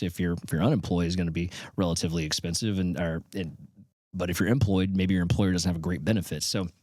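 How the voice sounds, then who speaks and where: A man's voice: low-pitched, a little mellow, dry recording, clean studio sound. A middle-aged man hosting a podcast, giving casual, emphatic commentary on survey numbers with frequent restarts. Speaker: podcast host. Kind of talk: solo commentary on survey results.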